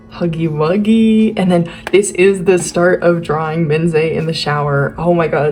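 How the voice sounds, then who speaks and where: A woman's voice: on the low side, unhurried, a little mellow. A young woman gushing over her old sketchbooks in rambling, giddy casual chat, her voice a little worn. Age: young adult. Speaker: artist flipping through sketchbooks. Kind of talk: casual commentary.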